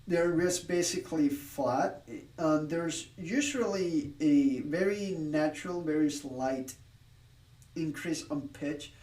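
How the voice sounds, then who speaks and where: A man talks through his study session live, thinking aloud and often stopping to correct himself. His voice sits a little high for a man. He is heard from a distance, in a roomy, echoing space. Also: slow, a little mellow. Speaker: streamer learning a language.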